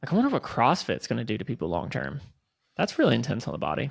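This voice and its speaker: A man co-hosting a podcast, chatting casually and telling animated stories with some swearing. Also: mid-range voice, fast, gravelly, slightly rough, no room sound, studio quality. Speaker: podcast co-host. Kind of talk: casual chat.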